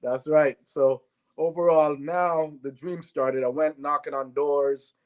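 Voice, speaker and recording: A man's voice: a little high, takes it slowly. A man from Canada, a guest on an interview show, telling stories and acting out the dialogue. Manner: animated, acts out dialogue in his stories. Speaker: guest, former sprinter turned businessman. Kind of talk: interview storytelling.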